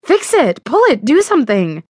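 A panicky young heroine, as a woman narrator puts her on, pitched high and pushing her voice with alarm. She snaps out urgent questions in a close, dry recording. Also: moderate pace, no echo, natural voice. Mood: panicked.

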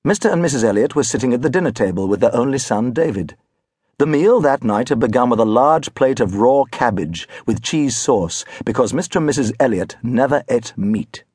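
Brief: husky male storybook narrator, wry, animated. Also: medium pitch, fairly quick, no echo, studio quality. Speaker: audiobook narrator. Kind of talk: scripted narration.

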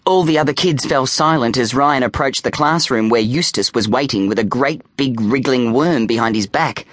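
A man reading a children's audiobook aloud with playful, animated storytelling on a close studio mic. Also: mid-range voice, normal speed, dry recording. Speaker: audiobook narrator.

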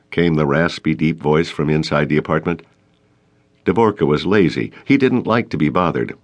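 Deep-voiced male audiobook narrator. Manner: measured storytelling. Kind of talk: scripted narration.

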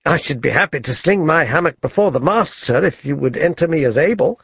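A down-on-his-luck seaman of forty, as a man reads him aloud, clinging to forced cheer and strained, pleading politeness. The voice is gravelly and husky, and the recording sounds dry and dull. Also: fairly high pitch, lively intonation, brisk, exaggerated voice.

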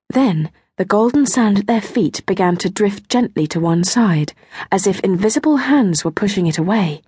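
A woman narrating a children's storybook in a gentle, expressive way, slowing down on small details. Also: mid-range voice, breathy edge, no room sound, studio quality. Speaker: audiobook narrator.

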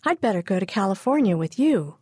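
A woman's voice: very animated, brisk, a little mellow, husky, no room sound, studio quality. A woman voicing a proud, spirited seven-year-old girl who is scared of storms, in a storybook reading. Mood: childlike. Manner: eager, high childlike delivery.

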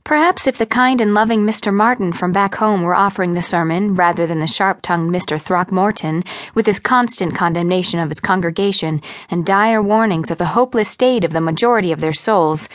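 A woman narrating a historical romance audiobook with expressive storytelling, changing her voice for the characters. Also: on the low side, fairly quick, no room sound, studio quality. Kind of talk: scripted narration.

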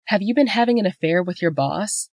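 A woman's voice: mid-range voice, animated, a little fast, a little mellow, no echo, pitched above the performer's own voice. A woman voicing a betrayed wife and mother who speaks in heated, angry bursts, in a dry-sounding audiobook reading. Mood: cold. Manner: heated, raising her voice in anger.

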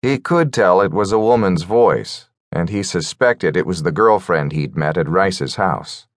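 Deep-voiced male audiobook narrator. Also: lively intonation, unhurried, no echo, studio quality. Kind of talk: scripted narration.

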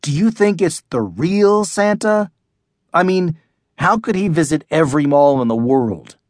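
A high, whiny young schoolboy begging to get his way in a children's storybook, as a man narrator puts him on. His pitch jumps around, and the read is slow and close to the mic. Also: expressive, no room sound. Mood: pleading. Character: eager pleading young schoolboy.

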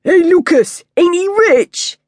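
Casting: woman doing a brash teen boy mugger, high and loud, slangy and jeering. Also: expressive, slow, no room sound, clean studio sound, exaggerated voice. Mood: taunting. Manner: taunting street slang. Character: cocky teenage male street mugger.

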